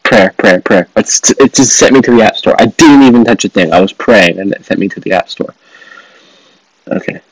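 Playing a mobile game for his gaming video, a male host tosses out sarcastic jokes, swears, and laughs often. His fairly low voice moves at a moderate pace, and the poor-quality audio has no room sound.

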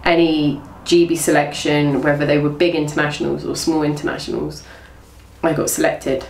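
A young woman from England, a former athlete, tells her story in a chatty, rambling way, full of restarts and reported speech. Her voice sits a little low. The recording is roomy and echoey, with the mic set well back and faint noise behind. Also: flat delivery, moderate pace, gravelly, distant mic. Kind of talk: casual storytelling interview.

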